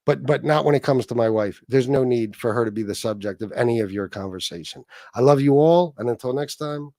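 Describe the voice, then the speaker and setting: A man's voice: medium pitch, brisk, warm tone, dry recording. A man hosting a livestream, ranting in a profane, sarcastic, mocking way. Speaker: livestream host.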